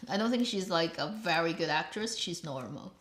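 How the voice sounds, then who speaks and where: A woman's voice: fairly low pitch, animated, moderate pace, a bit bright. A woman hosting her own show, chatting casually in a rambling way and laughing often. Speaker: host. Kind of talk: casual chat. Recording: roomy echo.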